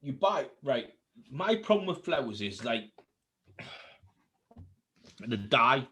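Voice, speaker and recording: A man's voice: mid-range voice, sing-song, extremely slow, pushed and bright. A man co-hosting a casual beer show, throwing in teasing jokes and laughing a lot. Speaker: co-host of a beer review show. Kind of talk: casual chat.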